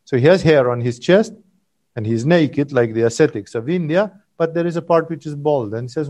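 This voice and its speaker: A male spiritual teacher speaking to listeners at a satsang. His voice sits somewhat high for a man. He tells his story loosely, wandering off on tangents and tagging sentences with little checks like "no?". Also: brisk, a little mellow. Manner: rambling, digressive storyteller with frequent "no?" and "you know".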